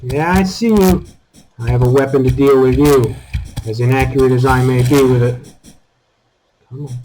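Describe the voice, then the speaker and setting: A man giving casual commentary over his own gameplay, taunting enemies and breaking into high exclamations. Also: normal speed, low-quality recording. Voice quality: calls his own voice squeaky. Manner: animated, talks to enemies, jumps to high exclamations. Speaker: gaming channel host.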